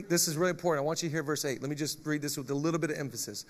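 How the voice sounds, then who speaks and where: A male pastor preaching a lively sermon, joking with the congregation and reading scripture aloud. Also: a little high, very fast, few pauses.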